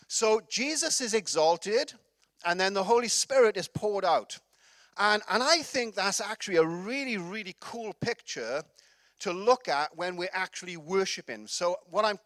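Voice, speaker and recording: Upbeat Welsh pastor with a high voice. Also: male voice, a bit bright, dry recording. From Wales. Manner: chatty, laughing storyteller with many fillers. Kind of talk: sermon.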